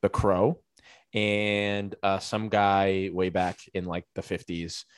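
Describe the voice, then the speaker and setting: A man's voice: deep voice, flat delivery, takes it slowly, clear, resonant tone, dry recording, studio quality. A man co-hosting a casual podcast, telling a story in a rambling way full of fillers and restarts. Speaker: podcast co-host. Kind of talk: casual chat.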